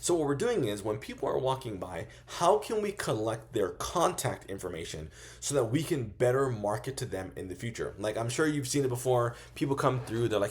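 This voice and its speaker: A man coaching small vendors in a loose, profane style, acting out quick sales pitches as he goes. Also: big pitch swings. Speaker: business coach. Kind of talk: casual instructional monologue.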